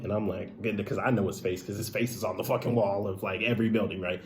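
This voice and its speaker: Low-voiced man telling a raw story. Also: steady tone, fast talker, few pauses, a little mellow, a little hiss or hum. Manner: emotional, profane, filler-heavy, says "bro" often. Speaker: streamer retelling a personal story. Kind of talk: casual confessional storytelling.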